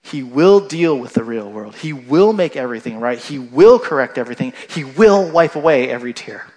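A man's voice: mid-range voice, animated, moderate pace, a little mellow. A man preaching a sermon in a conversational way, often checking in with his listeners. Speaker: pastor.

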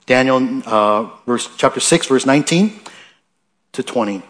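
A man's voice: mid-range voice, a little slow, a bit bright. Male preacher, conversational sermon delivery, mid-range voice, heightened scripture readings. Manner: conversational, asks the listeners questions, restarts often; reads scripture aloud with rising emphasis.

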